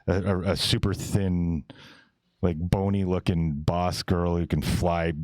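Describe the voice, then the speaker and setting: A man's voice: low voice, flat delivery, slow pace, a little mellow, dry recording, clean studio sound. A man hosting a podcast, reacting to clips in blunt, crude, rambling casual commentary. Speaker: podcast host.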